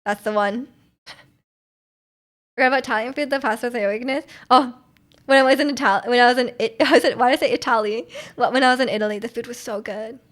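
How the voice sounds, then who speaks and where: A young woman with a high, light voice hosts a livestream from her home streaming setup, chatting casually into her mic and reading viewer messages aloud. She's chatty and giggly, laughing often and filling pauses with "um" and "like."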